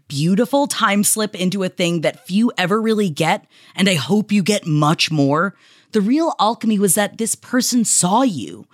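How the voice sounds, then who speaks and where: Woman podcast host, heartfelt shout-out reading, very lively pitch, dry close sound. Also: no room sound. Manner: warm, emotional, heartfelt delivery with sudden pitch swings. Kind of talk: reading listener shout-outs aloud.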